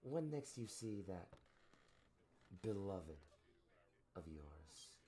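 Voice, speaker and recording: Dead would-be king, vengeful and proud, played by a man, deep, grand and menacing. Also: big pitch swings, drawn-out words, mellow, a little hiss or hum, exaggerated voice. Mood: grandly defiant. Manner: grandiose, archaic, menacing speech.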